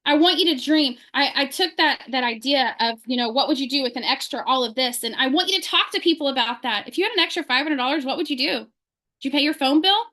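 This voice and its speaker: Woman, high voice, sales team leader; fervent motivational speech, rapid-fire questions, video-call mic. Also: sharp tone.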